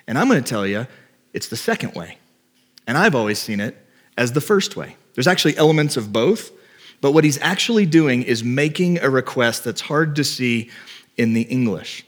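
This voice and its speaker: A man's voice: mid-range voice, animated, normal speed. Male pastor with a mid-range voice, preaching to a congregation in an easy, conversational way and posing questions. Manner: explanatory, asks the listeners rhetorical questions. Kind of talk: conversational sermon. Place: church before a congregation.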